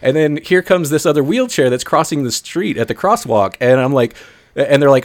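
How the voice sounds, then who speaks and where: A man co-hosting a podcast, telling stories in a rambling, excitable way with lots of fillers. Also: a little high, brisk, no room sound, studio quality. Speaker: podcast co-host. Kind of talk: casual chat, storytelling.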